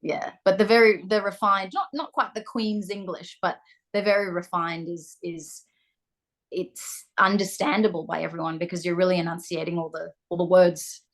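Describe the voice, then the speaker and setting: A young woman with an Australian accent, chatting as an interview guest and often pausing with ums and restarts. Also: on the low side, fairly even intonation, a bit bright. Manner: hesitant, restarts, frequent ums. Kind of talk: casual interview chat.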